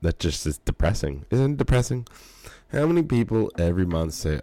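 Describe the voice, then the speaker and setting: A man's voice: on the low side, very animated, brisk, warm tone, dry recording. A young adult man hosting his podcast, tired and yawning, rambling casually with fillers and swearing. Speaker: podcast host. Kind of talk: casual early-morning monologue.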